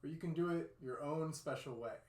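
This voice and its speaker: Friendly expressive male storyteller for kids, somewhat high voice, echoey room. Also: fairly quick. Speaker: children's storyteller at a church. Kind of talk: storytelling for children. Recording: roomy echo.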